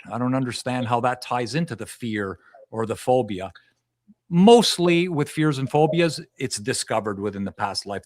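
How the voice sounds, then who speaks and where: A man's voice: medium pitch, no echo, clean studio sound. A man who works as a past life regression hypnotist, answering as a podcast guest and explaining at length, often repeating and restarting phrases.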